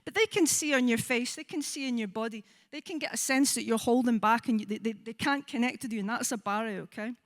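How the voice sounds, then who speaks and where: A Scottish woman in her forties, a psychologist giving a conference talk, lively and engaging, often checking in with the audience. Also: a little high, fast, few pauses. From Scotland. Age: 40s. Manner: lively, asks the audience with frequent "right?" and acts out quoted voices. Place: conference hall.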